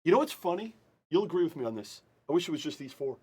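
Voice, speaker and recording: A man hosting a live-streamed card break, excitable and talking over the others, repeating himself. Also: fairly high pitch, fast talker, husky.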